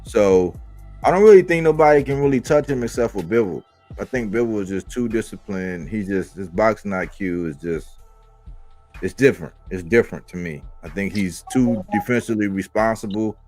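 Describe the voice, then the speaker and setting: A man's voice: fairly low pitch, moderate pace, darkish tone, faint music behind. A man hosting a casual boxing chat on a livestream, loose and laid-back, trailing off with fillers. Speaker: host. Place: livestream call. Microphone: video call.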